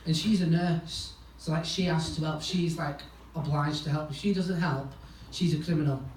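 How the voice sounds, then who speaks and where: A male stand-up comedian, telling a rambling, sweary story in a deadpan way on a club stage. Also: a little high, normal speed. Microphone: stage mic. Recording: echoey room from far off, noisy. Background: audience laughter.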